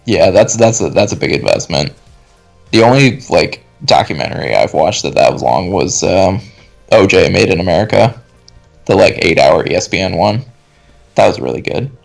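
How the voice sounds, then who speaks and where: A man's voice: low-pitched, animated, moderate pace, vocal fry, faint music behind. A man hosting a podcast, chatting casually about films with many fillers and restarts over a call. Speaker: podcast host. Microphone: video call.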